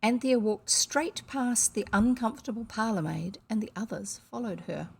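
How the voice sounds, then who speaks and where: A woman's voice: fairly high pitch, lively intonation, normal speed, vocal fry, slightly rough. A woman from New Zealand reading a children's novel aloud, breaking off for casual asides describing the pictures. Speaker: storybook reader.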